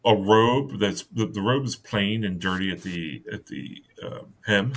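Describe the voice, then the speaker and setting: A man narrating a tabletop game as game master, halting, with many fillers and restarts. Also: on the low side.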